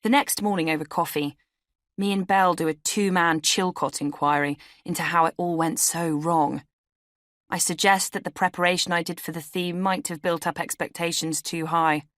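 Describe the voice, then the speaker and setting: A woman's voice: fairly low pitch, fairly even intonation, moderate pace, fairly bright tone, dry recording, studio quality. A woman reading her own memoir as an audiobook, telling it in a wry, conversational way. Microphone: studio microphone.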